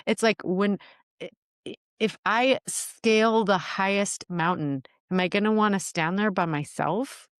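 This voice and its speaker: A woman's voice: medium pitch, measured pace, clear, resonant tone, no echo, studio quality. A woman who is a relationship therapist, speaking reflectively in a podcast interview, with rhetorical questions and many fillers. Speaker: relationship expert and sex therapist guest. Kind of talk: casual interview chat.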